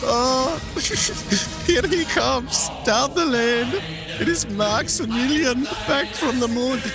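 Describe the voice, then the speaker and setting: A man putting on a shrill, giddy announcer voice that heralds a wrestler's return in a drawn-out squeal. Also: creaky, over music, full character voice, rough recording.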